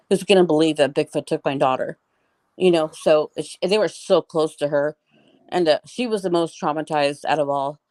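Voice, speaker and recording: A woman's voice: deep voice, a little mellow, no echo. A middle-aged woman telling a story as an interview guest, in a rambling, casual way full of "like" and restarts.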